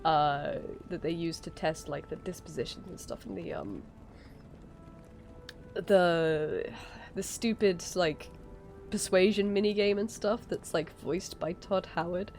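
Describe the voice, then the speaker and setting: A woman streams while she is sick, and her throat sounds strained. She rambles in a slow, casual way and laughs easily. Clear music plays behind her voice. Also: lowish voice, lively intonation, darkish tone. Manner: giggly, rambling, easily amused. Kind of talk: casual live-stream chat.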